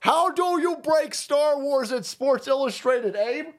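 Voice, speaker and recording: A man hosting a livestream, delivering a loud, mocking, profanity-laden commentary rant. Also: very high voice, expressive, slow, few pauses. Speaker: livestream host.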